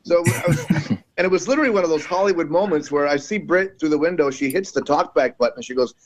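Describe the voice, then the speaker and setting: A man voice actor telling a story in an interview, laughing often and animated. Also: on the high side, fast, dull audio, slight background noise. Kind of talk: anecdotal interview.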